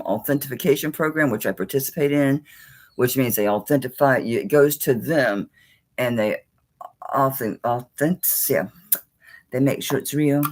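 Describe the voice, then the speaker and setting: A woman's voice: a bass voice, darkish tone, poor audio. A woman, chatting casually and folksily as she sells jewelry on a live stream.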